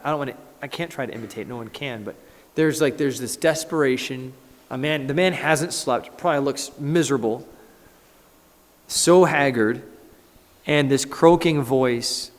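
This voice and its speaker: A man, a pastor, preaching a conversational, animated sermon in a church and acting out scripture. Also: medium pitch, normal speed. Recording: echoey church hall.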